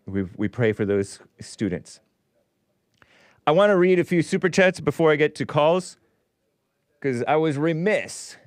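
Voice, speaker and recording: A man's voice: medium pitch, dry recording. A man hosting a casual live show, reading chat messages aloud with a wry, laughing manner. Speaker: show host.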